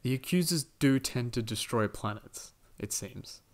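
A man's voice: medium pitch, expressive, measured pace. A man hosting a podcast, chatting casually about a movie and recapping the plot with lots of fillers and quoted lines. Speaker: podcast host.

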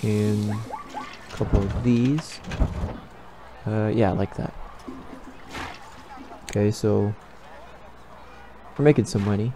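A young man talks through a building game at an unhurried, rambling pace. His voice sits low and relaxed. A faint hiss runs under the recording. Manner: rambling, thinks aloud while building. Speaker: gaming YouTuber. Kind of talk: casual let's-play commentary.

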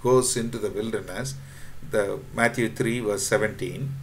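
A man preaching a sermon to his congregation, pausing often with fillers and repeats, reading and quoting scripture aloud. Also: on the low side, slight background noise. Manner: halting, repeats words, frequent fillers, quotes scripture; addresses congregation directly.

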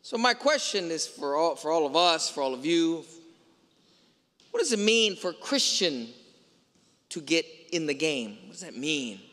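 Bright-voiced priest in a reverberant church. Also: male voice, on the high side, very animated, unhurried. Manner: storytelling, emphatic rhetorical questions. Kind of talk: sermon. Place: large church.

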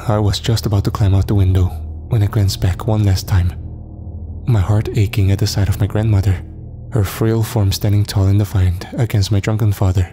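A man narrating a horror story in a measured, dramatic, scripted style. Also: lowish voice, fairly even intonation, dark tone. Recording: long reverb, faint music.

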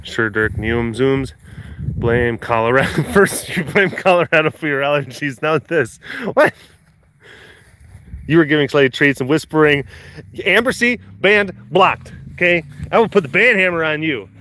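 A man's voice: fairly high pitch, moderate pace, pushed and bright, slight background noise. A man hosting a live stream, reading viewer comments with playful teasing and frequent laughter. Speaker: livestream host at a big cat facility.

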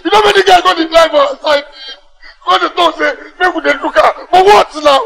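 A man's voice: very high voice, fairly quick, gravelly, bright, forceful tone, full character voice, rough recording. An actor playing an agitated young male gang member with a Nigerian accent, speaking Pidgin English in an insistent, emotional way. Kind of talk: Nollywood film acting.

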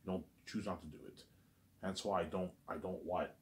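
A man's voice: sits low, steady tone, moderate pace. A man delivering a rambling, agitated vlog monologue, stammering and repeating himself. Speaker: vlogger.

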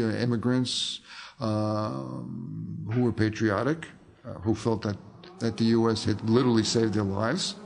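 A man's voice: mid-range voice, gravelly, darkish tone. An older man, an author and filmmaker, telling rambling anecdotes in a casual interview, full of fillers and restarts.

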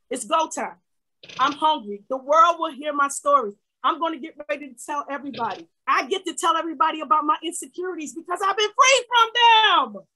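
A woman pastor preaching a fervent sermon, swinging from shouting to quiet asides. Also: very high-pitched, poor audio.

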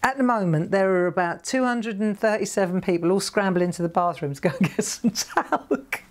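A woman hosting a craft shop's live demonstration shows stamping techniques, chatty and jokey, speaking straight to viewers as she works. Her voice is medium-pitched at a normal speed.

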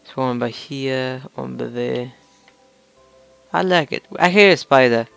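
Gravelly man, casual let's play. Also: medium pitch, unhurried, fairly bright tone, soft background music. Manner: casual, sweary, chatting to himself and viewers. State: slight cough, throat sore. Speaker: gaming channel host. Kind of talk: let's play game commentary.

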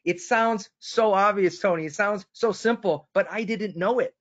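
In a high, slightly bright voice at a normal speed, a man from Boston leads a sales webinar. He shares a story eagerly and turns to his co-host by name, heard through dull, lo-fi webinar audio.

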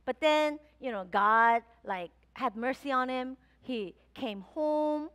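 A woman pastor preaching a sermon to her congregation, telling a personal story with animated retellings of her own thoughts. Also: high-pitched, takes it slowly. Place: church sanctuary.

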